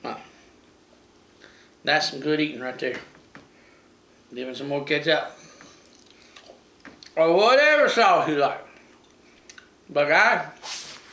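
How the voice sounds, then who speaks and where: A man's voice: a little high, slow, gravelly, long pauses, pushed and bright, a little hiss or hum, poor audio. A middle-aged man hosting a casual home cooking demo, chatty and folksy, talking to viewers as guys. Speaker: cooking show host. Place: home kitchen.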